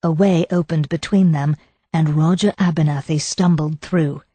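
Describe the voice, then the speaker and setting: A woman narrating a cozy mystery audiobook in an even, measured storytelling style. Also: low-pitched, husky, dry recording. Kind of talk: scripted narration.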